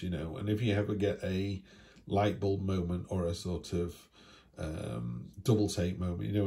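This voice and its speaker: A man's voice: low-pitched, dark tone. A man giving a casual weekly tarot reading, chatty and rambling, with fillers and asides. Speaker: tarot reader.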